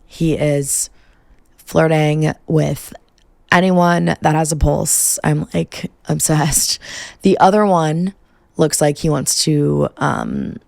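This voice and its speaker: A woman's voice: low-pitched, steady tone, takes it slowly, vocal fry, darkish tone, no echo, studio quality. A young woman podcast host in her twenties telling a personal story casually, peppering every phrase with "like" and swearing freely. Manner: profane, valley-girl filler "like".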